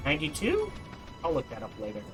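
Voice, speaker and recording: A man's voice: on the high side, wildly swooping pitch, fast talker, over music, rough recording. Rambling man commenting on gameplay. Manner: rambling, restarts and self-corrections. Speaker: let's play host.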